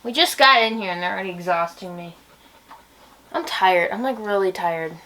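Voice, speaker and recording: Young woman, casual vlogger, chatty and gushing, mid-pitched, rambling delivery. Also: normal speed, bright, forceful tone. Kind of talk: casual reading vlog chat.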